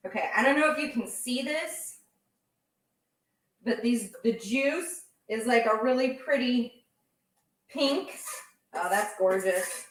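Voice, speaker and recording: Young woman, baking-stream host, relaxed home-kitchen chatter; slightly high, bright voice in an echoey room. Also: slow pace, long pauses. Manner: chatty, reads out viewer comments. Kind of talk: casual livestream chat while baking.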